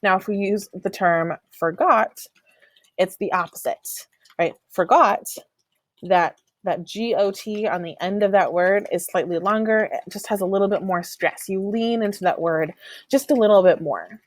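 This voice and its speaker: A woman's voice: mid-range voice, moderate pace, darkish tone, no room sound. A woman teacher giving a recorded online lesson, explaining patiently with many "um" fillers and sounding out stress patterns. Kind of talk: recorded online class lecture.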